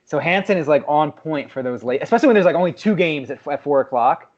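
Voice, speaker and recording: Podcast guy, kinda high voice, super expressive, slightly muffled audio. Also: quick pace. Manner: animated, acts out quoted reactions. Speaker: podcast co-host. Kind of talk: casual chat.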